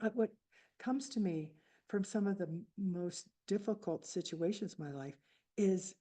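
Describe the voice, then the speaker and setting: Reflective older woman, low mellow voice. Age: 70s. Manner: reflective, halting, with restarts. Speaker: author speaking at a book fair. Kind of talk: personal storytelling talk.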